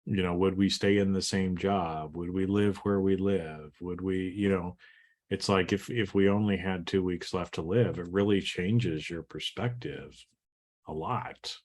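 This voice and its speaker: A man with a somewhat low voice leads a casual podcast interview. He repeats himself and restarts his sentences, and he seeks agreement with a constant "right?". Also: fairly even intonation, measured pace, a little mellow. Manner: tags thoughts with rhetorical "right?", stammering restarts. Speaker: podcast host.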